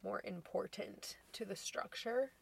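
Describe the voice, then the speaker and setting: A woman's voice: medium pitch, a little slow, creaky, breathy edge. A woman co-hosting a podcast in casual chat, chatty, laughing often, with many fillers. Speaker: podcast co-host.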